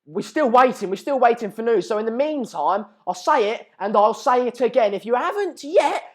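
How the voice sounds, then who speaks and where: A young man hosting a football channel, reacting live to transfer news in an excitable, ranting and mocking way. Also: extremely high pitch, moderate pace.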